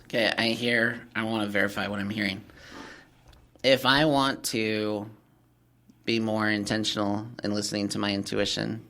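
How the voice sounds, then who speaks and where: A man's voice: lowish voice, little pitch movement, moderate pace, pushed and bright. A man co-hosting a podcast, carefully paraphrasing the guest to check he has understood. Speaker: podcast co-host. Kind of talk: casual interview chat.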